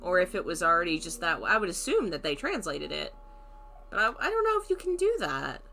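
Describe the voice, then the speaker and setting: Lively, bright-voiced woman streamer. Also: on the low side, brisk, gravelly, slight background noise. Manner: chatty, thinks aloud, greets chat, laughs often. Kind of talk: casual let's-play commentary.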